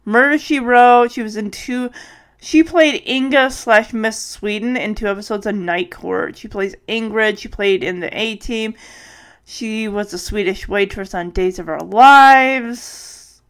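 A woman's voice: a little high, unhurried. A woman hosting a casual solo podcast, thinking aloud with many restarts and sounding tired. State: tired, yawning. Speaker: podcast host.

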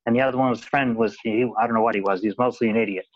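A man's voice: mid-range voice, fairly even intonation, very fast, dry recording, lo-fi sound. A man in casual conversation, rambling and often repeating his words. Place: Los Angeles.

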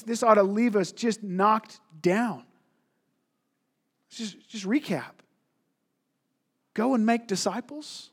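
A man delivers a sermon in a fairly high, husky voice. He preaches emphatically, firing rhetorical questions and often stumbling over repeated words as he pushes his point. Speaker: pastor.

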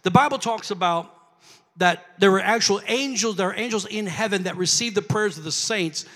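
A man preaching a sermon, telling a story quietly and then building to loud shouted calls to the congregation, recorded in a church sanctuary. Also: high-pitched, normal speed. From grew up Pentecostal. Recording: long hall reverb.

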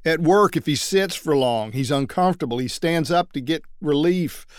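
A man's voice: on the high side, expressive, normal speed, no echo. Man teaching jury persuasion, dry sound. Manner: storytelling, acting out everyday quotes. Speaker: trial lawyer teaching other lawyers. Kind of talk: instructional talk to lawyers on persuading juries.

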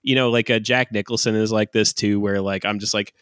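A man's voice: lowish voice, fairly even intonation, brisk, a bit bright, clean tone, no echo, studio quality. A man co-hosting a movie podcast, chatting casually, rambling and laughing often as he searches for names. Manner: rambling, laughs often, loses his train of thought. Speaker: podcast co-host.

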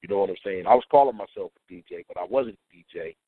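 Chill dude, kinda low voice, sounds like a phone call, no room sound. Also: male voice, quick pace, breathy edge, no echo. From Trenton, New Jersey. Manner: laid-back, often adds "you know what I'm saying" and "man". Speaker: DJ, interview guest. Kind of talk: casual interview chat. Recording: tinny phone-like dry line.

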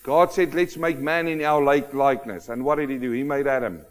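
A man preaching a sermon, emphatic and animated, often asking rhetorical questions of the congregation. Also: medium pitch, fairly quick. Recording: long hall reverb.

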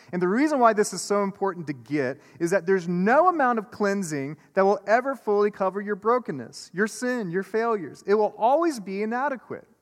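A man preaching a sermon to a congregation in a church sanctuary, earnest and building through repeated phrases, then loosening into casual, chatty asides. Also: sits high. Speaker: pastor. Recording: echoey church hall.

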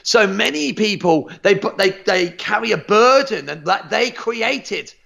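A martial arts instructor talking on a podcast, energetic and emphatic, swearing freely and tripping over repeated words. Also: male voice, high voice, measured pace, vocal fry. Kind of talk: motivational podcast chat.

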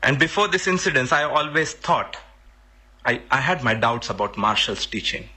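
A man shares a personal story in plain, earnest words, sometimes pausing to find the right phrase. His voice is bright and slightly husky. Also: mid-range voice, lively intonation. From India. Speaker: workshop participant telling a personal story.

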